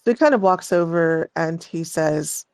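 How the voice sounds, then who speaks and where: A woman narrating as game master of a tabletop game, unhurried and halting with restarts. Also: sits low, darkish tone, dry recording.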